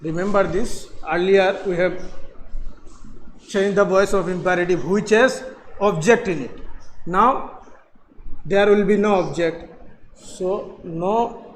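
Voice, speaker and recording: A man with a Bangladeshi English accent teaching a grammar lesson, slowly repeating phrases, spelling words out and laughing softly. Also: high-pitched, a little hiss or hum, rough recording. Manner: slow, repetitive explaining with soft laughs.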